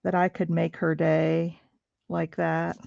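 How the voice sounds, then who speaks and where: A middle-aged woman hosts a crafting livestream, chatting and rambling with plenty of fillers while she works. Her voice has a gravelly edge, sitting in a middle register. The sound is dry and a little dull, like a home setup. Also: fairly low pitch, monotone, slow, darkish tone, no echo. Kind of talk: casual storytelling while crafting.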